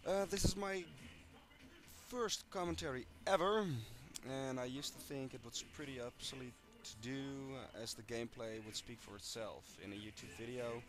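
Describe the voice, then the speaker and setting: A man's voice: medium pitch, moderate pace. A man casually commentating his own fighting-game match replays, hesitant with many ums and uhs, and joking at his own expense in a dry way. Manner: dry self-mocking humor.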